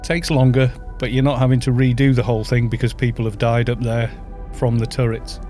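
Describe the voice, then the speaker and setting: A man's voice: medium pitch, little pitch movement, brisk, warm tone, soft background music. A man with a Welsh accent casually explaining game tactics to his live-stream chat. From Wales.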